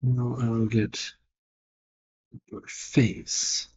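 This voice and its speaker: A man's voice: mid-range voice, level tone, very slow, darkish tone, husky, muffled recording. A man thinking aloud and judging his own work as he draws, in casual narration. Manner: muttered, self-critical thinking aloud. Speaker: digital artist. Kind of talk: casual narration while drawing.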